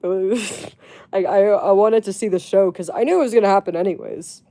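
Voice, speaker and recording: A woman's voice: medium pitch, brisk, dark tone. A woman livestreamer telling a gossipy story in casual chat, blunt and rambling, swearing freely and laughing often.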